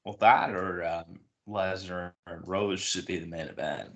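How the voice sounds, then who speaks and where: A man's voice: sits low, a little slow, vocal fry. A man co-hosting a casual podcast, laid-back and making brief remarks. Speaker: podcast co-host. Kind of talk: casual chat.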